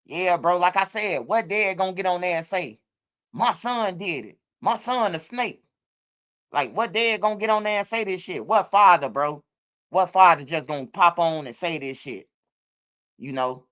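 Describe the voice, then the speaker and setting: Bright, smooth-voiced streetwise man. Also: sits high, normal speed. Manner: loose, streetwise, repeats words like bro and man. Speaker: commentary channel host. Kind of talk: casual streaming commentary.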